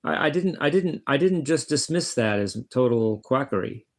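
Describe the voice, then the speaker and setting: A man's voice: mid-range voice, lively intonation, normal speed. A man talking casually to the camera in a blunt, rambling monologue, often swearing and stumbling over his words as he restarts sentences. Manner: blunt, swears, many restarts and stammered repeats. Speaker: vlogger, guitarist.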